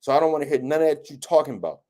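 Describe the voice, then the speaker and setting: A man's voice: a little high, expressive, rapid-fire, darkish tone. A young man hosting a podcast, boasting emphatically about his football team in a sports debate. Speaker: podcast host.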